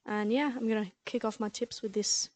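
A woman giving her race tips in a relaxed, chatty way, laughing easily. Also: fairly high pitch, a little fast. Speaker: podcast guest tipster. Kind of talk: casual racing tips chat.

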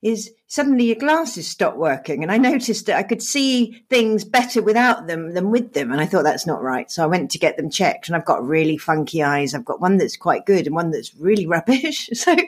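A woman's voice: fairly low pitch, moderate pace, hardly any pauses, slightly rough. A middle-aged woman co-hosting a podcast, chatting openly over a video call, laughing often and speaking with feeling. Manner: animated, laughs often, emotional and open. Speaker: podcast co-host.

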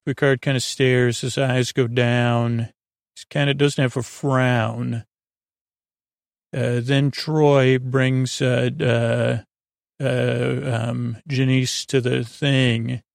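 A man's voice: mid-range voice, gravelly, no room sound, studio quality. A man hosting a podcast, giving a meandering episode recap for sleep, full of fillers and loose paraphrase. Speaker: podcast host.

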